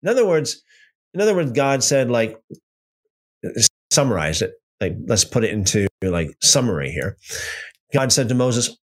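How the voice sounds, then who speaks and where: A man reading and explaining Bible passages in a casual study session. His pitch sits in the middle but swings widely, and he often repeats himself for emphasis. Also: normal speed, pauses often. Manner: animated, repeats phrases for emphasis.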